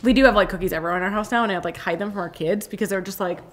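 A woman's voice: medium pitch, racing. A woman co-hosting a casual livestream, chatty and laughing often as she reads out viewer questions. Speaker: co-host, lawyer. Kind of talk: casual chat.

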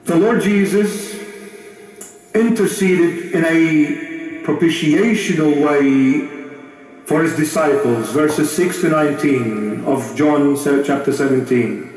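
A man preaching a sermon with emphatic phrasing, dramatic pauses and big swings in pitch. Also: a little mellow. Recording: very echoey, far from the mic, music behind.

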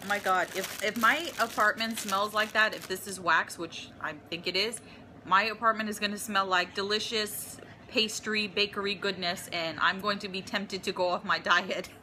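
A woman's voice: medium pitch, fairly even intonation, normal speed, bright, forceful tone, a little hiss or hum. A woman filming a casual unboxing vlog in her apartment, gushing and emotional over each gift. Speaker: vlogger.

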